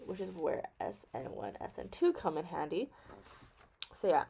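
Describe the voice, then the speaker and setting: A woman's voice: lowish voice, big pitch swings, measured pace, vocal fry. A young woman casually explaining chemistry as a playful story, chatty and thinking aloud with lots of fillers.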